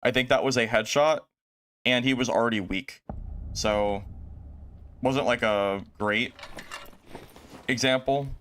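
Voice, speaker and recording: A man's voice: mid-range voice, takes it slowly, long pauses, fairly bright tone, a little hiss or hum. A man streaming a video game live, commenting with exasperation and talking to his chat. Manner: exasperated, lamenting, talks to chat.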